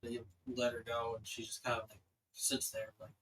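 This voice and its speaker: A man's voice: mid-range voice, little pitch movement, moderate pace, fairly bright tone, a little hiss or hum, low-quality recording. A young man running a tabletop game as dungeon master, narrating casually with lots of filler words. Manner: rambling, filler-heavy narration.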